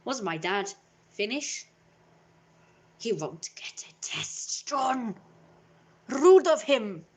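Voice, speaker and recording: A woman's voice: medium pitch, fairly bright tone. A woman live streaming in a playful, theatrical persona, slipping in and out of put-on accents and dropping into whispered asides.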